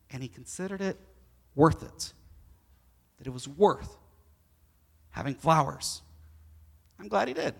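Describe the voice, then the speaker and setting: A middle-aged man delivers a sermon in a high, bright voice. His preaching is animated and rises to loud peaks, then drops to quiet, hushed lines. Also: slow, gravelly, long pauses. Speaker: pastor.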